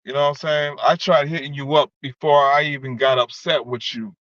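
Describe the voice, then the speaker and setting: This man speaks a little fast in a mid-range, slightly bright voice with fairly even intonation, cursing and rambling through a heated vlog monologue at someone who wronged him. He repeats "you know what I'm saying" constantly, and the audio is a dull, dry, lo-fi recording.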